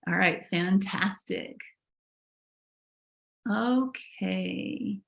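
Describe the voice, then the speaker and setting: A woman's voice: mid-range voice, extremely slow, vocal fry. A woman hosting a live body language webinar, upbeat and encouraging with her guests.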